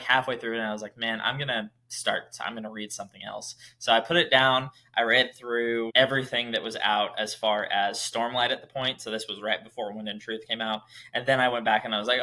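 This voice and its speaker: Bright-voiced eager stammering man. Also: on the low side. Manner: eager, stammering with frequent restarts. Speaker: podcast host. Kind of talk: casual chat.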